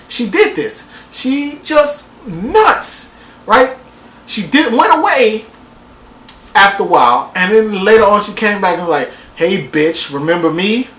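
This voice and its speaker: A woman recapping a reality TV episode in a casual vlog, profane and animated, acting out quotes in exaggerated voices. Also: a little high, slight background noise. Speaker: TV show reviewer. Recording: roomy echo.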